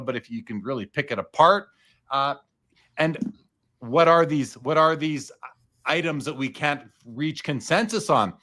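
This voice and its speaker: A man's voice: mid-range voice, fairly bright tone. A man hosting a casual podcast chat, talking loosely and restarting his sentences often. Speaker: podcast host.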